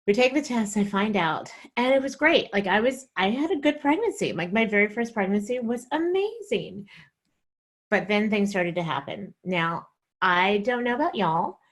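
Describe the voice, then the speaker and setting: Comedian, woman from the South, lively stand-up storyteller who plays out each quoted voice. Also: mid-range voice, normal speed. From American South. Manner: animated, acts out quoted voices.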